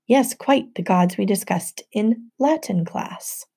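A woman plays a kind teacher explaining patiently, with formal, gentle phrasing. The tone is warm and mellow. It is a storybook audiobook read. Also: mid-range voice, lively intonation, slow pace, husky, full character voice. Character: kindly, patient male teacher. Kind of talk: audiobook narration.

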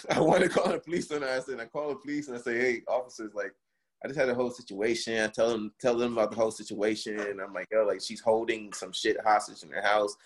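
Man, young adult, low voice, casual storytelling, swears, acts out quotes. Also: steady tone, quick pace, slightly rough. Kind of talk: casual chat, telling a story.

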